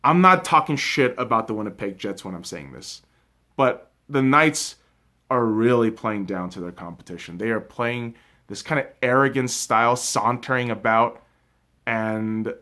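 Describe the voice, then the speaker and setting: A young man who hosts sports videos reviews a hockey game alone in an angry rant. He swears heavily and swings between shouted outbursts and low muttering, at a slightly slow pace.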